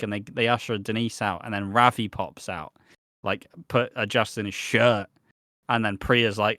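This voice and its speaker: Bright-voiced man, casual. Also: on the low side, fairly even intonation, normal speed, no room sound, clean studio sound. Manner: rambling, swears freely, acts out quotes. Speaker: podcast co-host. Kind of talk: casual chat recapping a soap.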